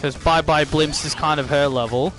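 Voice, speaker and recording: A man's voice: on the high side, steady tone, normal speed, fairly bright tone, faint music behind. A man streaming a video game, chatting casually and rambling, often repeating and correcting himself. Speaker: gaming streamer. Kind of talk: casual gameplay commentary.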